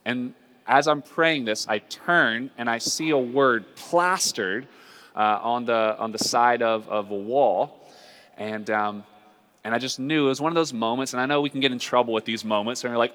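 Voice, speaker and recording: Man, pastor, middle-pitched voice, earnest sermon delivery, slow dramatic pauses, long reverb of a big hall. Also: fairly bright tone. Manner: earnest, conversational preaching with drawn-out dramatic pauses.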